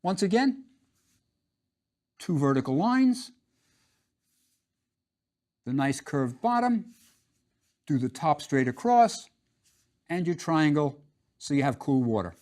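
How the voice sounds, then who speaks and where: A man's voice: on the high side, big pitch swings, unhurried, pauses often, a little mellow. A man teaching a drawing lesson, patient and step by step, repeating each instruction.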